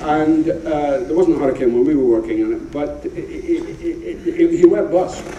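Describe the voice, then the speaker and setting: A man's voice: on the high side, normal speed, dark tone, dull audio, slight background noise. A Scottish man in his seventies, a guest actor telling rambling anecdotes in an on-stage interview. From Scotland. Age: 70s. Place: theatre stage before an audience. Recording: roomy, distant live theatre recording.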